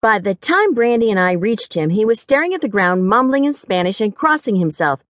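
A woman narrating a first-person mystery audiobook in a wry, expressive way, recorded on a studio mic. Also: medium pitch, fairly quick, dry recording.

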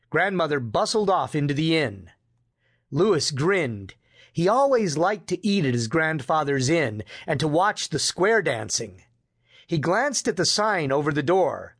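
A man's voice: a little high, animated, moderate pace, fairly bright tone, no room sound, studio quality. A man narrating a children's biography audiobook, giving the characters their lines. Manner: storytelling with voiced dialogue. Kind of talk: scripted narration.

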